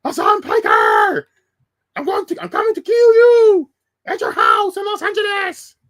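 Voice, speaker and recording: Casting: a man shouting as a theatrical promo tough guy, loud, very high and strained, dry room. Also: wildly swooping pitch, measured pace, vocal fry, no echo, full character voice. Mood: threatening. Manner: yelling, over-the-top threatening. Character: menacing shouting male comedian in a mock threat promo.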